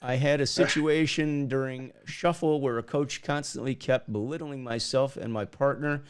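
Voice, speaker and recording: A man's voice: mid-range voice, steady tone, normal speed, clean tone. A man hosting a hockey officiating talk show, chatting casually with stumbling restarts and teasing. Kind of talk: casual chat on a live stream.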